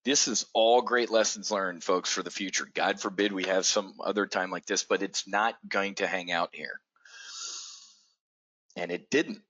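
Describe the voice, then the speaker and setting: A fairly low-voiced man with a bright, forceful tone, riffing on a live stream. He talks bluntly, swears freely and trips over his words with repeated restarts. The sound is dry and a little dull. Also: measured pace, no echo. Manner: blunt and profane, stammering restarts, excitable. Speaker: trading coach hosting a live stream. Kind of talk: unscripted live stream talk.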